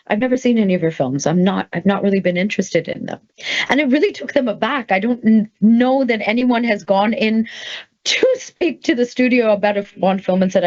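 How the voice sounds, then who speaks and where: A middle-aged Canadian woman tells a personal anecdote in a casual, animated style, jumping quickly into a high, excited voice whenever she quotes her own thoughts. The recording sounds slightly dull and lo-fi.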